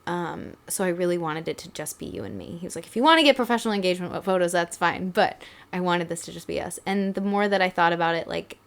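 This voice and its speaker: Brief: young woman, casual podcast co-host, lowish voice, loose filler-heavy chat. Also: fast, gravelly. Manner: chatty, many "like" fillers, tearful at times.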